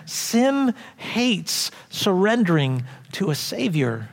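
A man preaching a sermon as pastor, animated, acting out quoted voices loudly and dropping to quiet asides. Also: high voice, a little slow, few pauses. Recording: long hall reverb.

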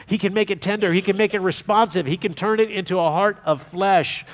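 A man with a high voice preaches a sermon to his congregation. He moves from forceful, emphatic lines to quiet, confiding asides in a conversational tone. His voice rings out with a long reverb, as though from a church sanctuary. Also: a little fast, hardly any pauses. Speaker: pastor.

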